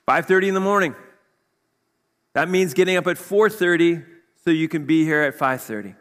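A male pastor giving a conversational sermon, full of rhetorical questions and quick asides. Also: a little high, fairly bright tone. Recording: long hall reverb.

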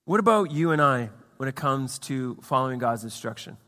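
A man's voice: medium pitch, expressive, a little fast, pushed and bright, in a large hall. A man preaching a sermon as pastor, conversational, with restarts and playful acted asides.

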